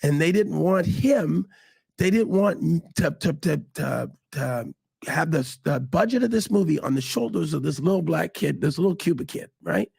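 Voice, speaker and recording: A middle-aged man telling stories in a casual interview, animated and acting out quotes. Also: moderate pace, gravelly, breathy edge, dry recording. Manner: animated, acts out quotes with big pitch jumps. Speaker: guest.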